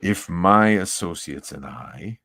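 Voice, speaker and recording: A man putting on a gloating, aristocratic villain for a comic reading, cold and menacing. The voice sits very low and rumbles. He drags out each word slowly and deliberately. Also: lively intonation, vocal fry, fairly bright tone, dry recording, exaggerated voice.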